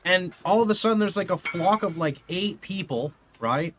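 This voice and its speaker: A young man streaming from his home setup, telling a rambling, animated story to his live chat and swearing casually into a studio mic. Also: high voice, normal speed, slight background noise. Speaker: video game streamer. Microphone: condenser studio mic.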